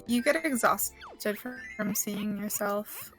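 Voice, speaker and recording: A woman's voice: mid-range voice, very animated, takes it slowly, a bit bright, soft background music. A woman joining a game stream with casual, dry, teasing remarks.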